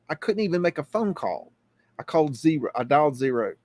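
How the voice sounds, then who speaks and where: A middle-aged man, a live-stream host, tells a personal story in a slightly high voice. He keeps stopping and restarting his sentences and repeats words, earnest and unpolished, while he walks the listener across a map. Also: lively intonation, a little fast, darkish tone.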